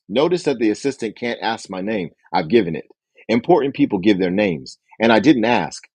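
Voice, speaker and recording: A man's voice: animated, normal speed, gravelly, darkish tone, breathy edge, dry recording. A man hosting a book club, reading a business book aloud and acting out sample phone calls. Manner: acts out phone dialogue with raised pitch for characters.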